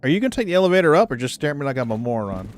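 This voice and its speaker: A man's voice: a little high, very animated, rapid-fire, background noise. A man on a casual live game stream, swearing freely and laughing as he chats with viewers, still getting over the flu. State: recovering from the flu, coughs when laughing. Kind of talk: casual live-stream chat while gaming.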